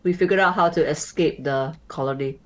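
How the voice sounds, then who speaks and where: Playful woman co-host, lowish voice, relaxed gaming chat. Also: fairly quick, muffled recording. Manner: playful, jokey, sings bits of songs. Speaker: streamer co-host. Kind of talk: casual let's play chat.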